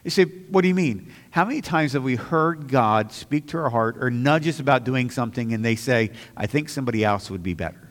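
A man's voice: medium pitch, animated, a little fast, hardly any pauses, long reverb tail. A man preaching a sermon as pastor, earnest and at times emphatic, with a slight stammer and small restarts. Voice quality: slight stammer on some words.

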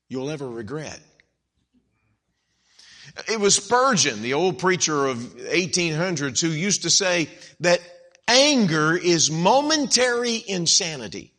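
A man preaching an evangelical sermon, swinging from hushed, slow lines to loud, emphatic outbursts. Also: on the high side, sing-song.

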